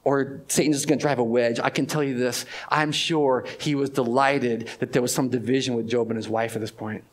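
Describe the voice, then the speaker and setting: A pastor giving a conversational sermon to his church, moving between loud emphasis and hushed, drawn-out phrases. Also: mid-range voice, steady tone.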